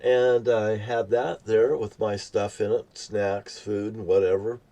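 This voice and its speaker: A man's voice: on the low side, fairly even intonation, a little slow, warm tone, muffled recording. An older man with a profane, ranting manner, rambling through a personal story he tells as a vlogger. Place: outdoors near a beach. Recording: distant from the mic.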